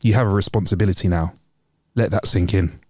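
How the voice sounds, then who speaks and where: A deep, grave voice for a stern male hotel manager, delivering measured advice, as a man puts him on. The delivery is dry and close-miked, with the pitch pressed a little below the speaker's normal talk. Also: warm tone, no room sound. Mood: grave, wise.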